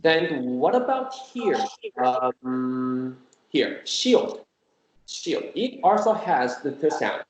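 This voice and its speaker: A man teaching Korean in an online class, explaining slowly and patiently and repeating example sounds. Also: fairly high pitch, very animated. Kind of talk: online language lesson. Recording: echoey room with faint noise.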